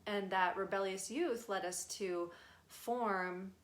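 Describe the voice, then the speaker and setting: A woman's voice: medium pitch, slow pace. A young adult woman, a spirit medium, chatting through a live channeling session, relaying messages with lots of fillers and giggles.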